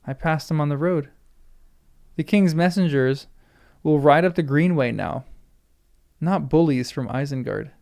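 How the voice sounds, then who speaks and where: A man reading aloud as a small male hobbit who stays quiet and composed. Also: a little high, unhurried, creaky, long pauses. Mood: firm.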